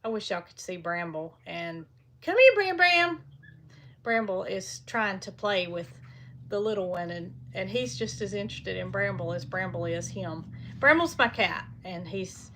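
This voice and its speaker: Bright-voiced woman chatting live. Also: lowish voice, normal speed, a little hiss or hum. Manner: chatty and folksy, often stops to coo at baby animals. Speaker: farm vlogger. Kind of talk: casual live-stream chat. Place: small heated milk room on a farm, indoors.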